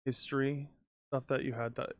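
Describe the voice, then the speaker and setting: A man's voice: medium pitch, flat delivery, moderate pace, no room sound, clean studio sound. A man co-hosting a casual podcast chat, joking and stumbling as he reads aloud. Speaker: podcast co-host.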